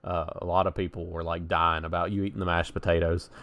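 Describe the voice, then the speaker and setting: A man's voice: low-pitched, level tone, quick pace, a bit bright, a little hiss or hum. A young man co-hosting a casual podcast, telling gaming stories in a chatty way and laughing at his own tales, on a close mic. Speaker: podcast co-host.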